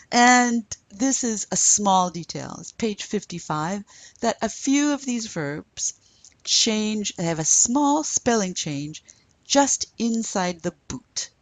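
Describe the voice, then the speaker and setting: A woman teaching a French class in a recorded lecture, slowly modelling words for learners to repeat. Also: medium pitch, no room sound. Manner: slow and deliberate, modelling pronunciation for learners to repeat.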